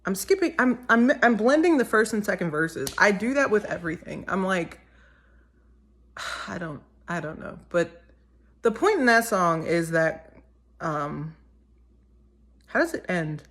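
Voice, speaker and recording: A woman's voice: mid-range voice, big pitch swings, measured pace, long pauses, fairly bright tone. A teenage girl and singer-songwriter chatting casually, rambling and often correcting herself mid-sentence. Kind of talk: casual chat.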